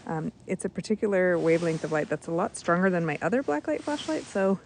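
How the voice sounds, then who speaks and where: Woman, naturalist guide, live stream commentary, excitable, bubbly, outdoors at night, faint background noise. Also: lowish voice, quick pace. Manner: bubbly and excitable, gushing over sea creatures.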